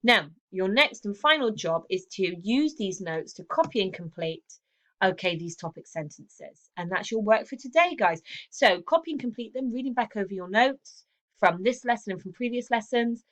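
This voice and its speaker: Woman, mid-pitched, English teacher talking students through revision notes, explanatory, lots of "okay". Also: animated, normal speed, a bit bright. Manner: explanatory, checks in with frequent "okay" and "um". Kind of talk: recorded revision lesson.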